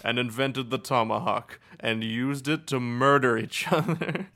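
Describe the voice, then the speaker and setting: A man with a bright voice trades jokes on a podcast. He is sarcastic and casual, and "like" runs through nearly every sentence. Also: mid-range voice, steady tone, unhurried. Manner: joking, sarcastic, lots of "like". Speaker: podcast co-host. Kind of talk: casual chat.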